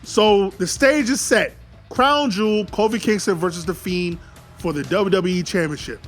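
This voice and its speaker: A man excitedly retelling an imagined wrestling match play by play, calling out the moves and the pin counts. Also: sits high, moderate pace, soft background music. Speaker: YouTube wrestling commentator.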